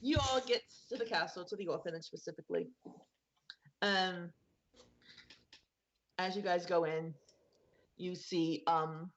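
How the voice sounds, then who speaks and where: A woman's voice: on the low side, highs cut off. A woman narrating a tabletop game as game master, casual and rambling with many fillers.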